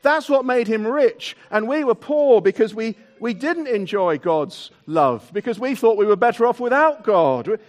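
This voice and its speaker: A man preaching a Christmas sermon to a mixed-age congregation in a church hall, stretching out key words for emphasis. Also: very high-pitched. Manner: animated, drawn-out emphasis on key words, leads the congregation in actions. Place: church hall with tiered seating.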